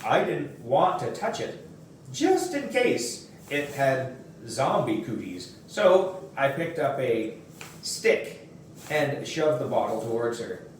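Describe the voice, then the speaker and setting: A man slowly reading a children's book aloud at home, recorded from a distance. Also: mid-range voice, very animated. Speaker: reader. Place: room at home. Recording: echoey room, far from mic, faint noise.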